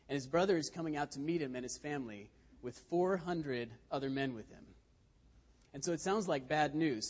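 A man preaching a sermon in a church, easygoing and conversational as he tells anecdotes and often restarts his sentences. His voice is husky at a middling pitch. The room adds a long, echoing hall reverb. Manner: conversational storytelling with frequent restarts. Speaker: lay speaker.

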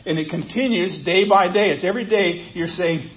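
A man's voice: sits high, moderate pace, lo-fi sound. A man preaching a sermon as pastor, talking conversationally and asking his congregation questions.

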